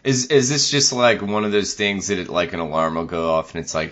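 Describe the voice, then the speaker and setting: A man with a low, sharp-edged voice chats loosely on a podcast, peppering his talk with "like" and jokes. The sound is dull and lo-fi. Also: fairly even intonation, fairly quick. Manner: loose, joking, lots of "like". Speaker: podcast co-host. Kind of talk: casual podcast chat.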